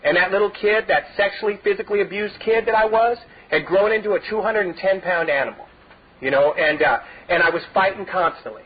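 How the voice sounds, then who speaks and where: High-voiced man rambling through his story. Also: brisk, husky. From Southern California. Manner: rambling storyteller, many "you know" fillers, laughs through his own stories. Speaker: recovery meeting speaker. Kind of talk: personal testimony talk. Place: meeting hall. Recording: dull lo-fi tape recording.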